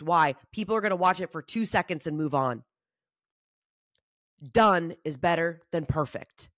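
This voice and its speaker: A woman comedian talking in a casual solo monologue, animated and swearing freely, acting out other people's voices. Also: moderate pace, dry recording, clean studio sound. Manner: acts out quoted voices in shifting pitch. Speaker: comedian and podcast host.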